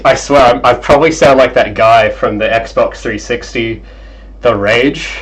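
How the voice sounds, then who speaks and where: Young male streamer, chatty and excitable, mid-range voice, cheap headset mic. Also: medium pitch, normal speed, rough recording. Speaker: game developer streamer. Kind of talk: casual livestream chat. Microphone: cheap gaming headset mic.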